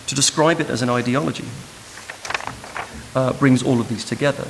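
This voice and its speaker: Brief: man, academic lecturer, measured and thoughtful, with a gravelly edge. Recorded in a reverberant room with hiss. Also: medium pitch. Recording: noisy hiss in a reverberant hall.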